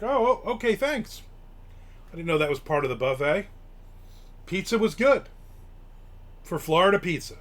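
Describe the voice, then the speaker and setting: A live stream host from Newark, New Jersey, with a higher, fairly bright voice spins casual, meandering stories. Swearing slips in offhand as he goes.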